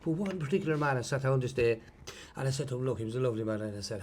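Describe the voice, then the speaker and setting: Irish man, earnest rambling testimony, brisk delivery, loud traffic noise outdoors. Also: mid-range voice. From Ireland. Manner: earnest, rambling storyteller, repeats himself. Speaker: pilgrim giving testimony. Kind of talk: personal testimony. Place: outdoors at a pilgrimage site.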